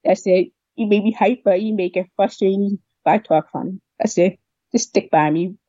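Young deaf woman rambling through her story, kinda husky, dull dry recording. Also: medium pitch, normal speed, no echo. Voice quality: deaf speech. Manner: rambling, animated retelling of dialogue. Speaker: interviewee. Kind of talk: casual storytelling.

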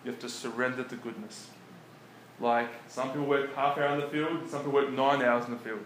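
A man preaching in a relaxed, conversational way, often chuckling between his points. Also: mid-range voice, brisk. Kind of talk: conversational sermon. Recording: echoey room with faint background noise.

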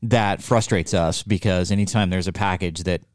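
A man chatting casually on a podcast, telling a story with lively, acted-out quotes. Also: deep voice, normal speed, no echo, studio quality. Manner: animated storyteller, acts out quotes. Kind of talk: casual chat.

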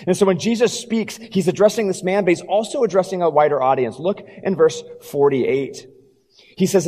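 A pastor preaching a sermon, telling the story and dropping low and quiet for emphasis. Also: male voice, moderate pace, long reverb tail.

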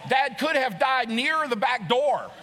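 A man's voice: extremely high pitch, expressive, unhurried, fairly bright tone, a little hiss or hum. A middle-aged man preaching a sermon as pastor, earnest and emphatic, often repeating phrases. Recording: long reverb of a large hall.

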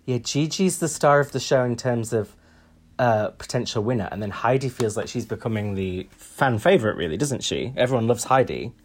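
A man's voice: medium pitch, expressive, moderate pace. A man co-hosting a podcast in casual chat, wry and chatty with frequent ums. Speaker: podcast co-host.

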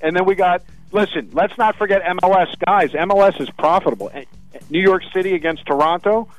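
A man co-hosting a sports radio show, pushing his betting picks in quick, insistent bursts. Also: high voice, soft background music, low-quality recording. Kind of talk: casual sports betting talk.

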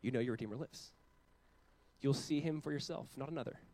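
A man in his thirties preaching a sermon as a pastor, earnest, with loud emphatic peaks and quiet, slowed passages. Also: medium pitch, poor audio.

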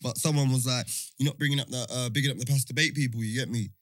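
A man's voice: medium pitch, steady tone, quick pace, dry recording, clean studio sound. A young man, co-hosting a casual podcast chat with joking, slangy banter. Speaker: podcast co-host.

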